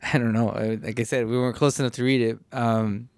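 A man's voice: mid-range voice, little pitch movement, brisk, darkish tone, clear, resonant tone, dry recording. A man in casual podcast chat, hesitant and searching for his words.

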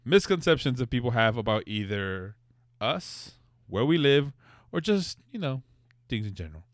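Lively, laughing young man hosting a podcast. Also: medium pitch, normal speed, no echo, studio quality. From Los Angeles. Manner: lively, laughing, swears playfully. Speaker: podcast host. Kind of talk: casual chat.

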